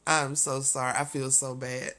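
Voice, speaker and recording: A woman with a bright, sharp voice, talking to her viewers on a livestream. She rants in a heated, profane run straight to the camera and keeps breaking into laughter and sorry-filled asides. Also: a bass voice, little pitch movement, moderate pace. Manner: laughs often, apologetic asides. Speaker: livestream host. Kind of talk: casual livestream rant.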